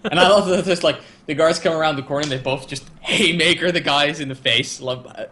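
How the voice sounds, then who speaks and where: A man's voice: on the high side, fairly quick, bright, forceful tone, slight background noise. Enthusiastic man acting out scenes. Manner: enthusiastic, acts out character lines. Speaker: podcast co-host. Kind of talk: casual chat recapping a TV episode.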